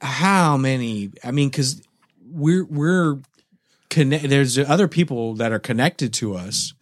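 A middle-aged man co-hosting a podcast, telling a story in casual chat, animated and swearing, acting out his own shouts. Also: medium pitch, slow, no room sound, clean studio sound. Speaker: podcast co-host.

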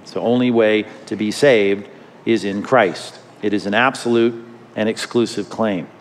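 A man's voice: on the low side, steady tone, unhurried, a little hiss or hum. A man preaching a sermon as a pastor, emphatic and repeating his key phrases. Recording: hall reverb.

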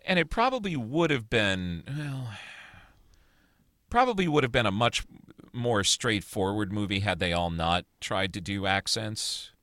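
Deep lively guy reviewing movies, bright tone, dry close sound. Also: a little slow, no echo. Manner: opinionated, rambling with restarts and swearing. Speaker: podcast co-host. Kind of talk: casual movie review chat.

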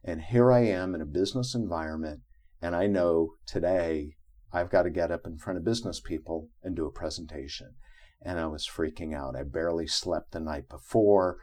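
A man's voice: low-pitched, normal speed. A middle-aged man, an interview guest, telling a personal story in conversation and acting out the quotes in it. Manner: animated, acts out quotes from his own story.

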